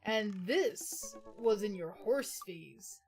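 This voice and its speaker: A woman's voice: medium pitch, animated, slow pace, a little mellow. A woman reading the lines of a fond, teasing middle-aged dad from a game aloud, in her own voice, over game music. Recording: game music playing behind.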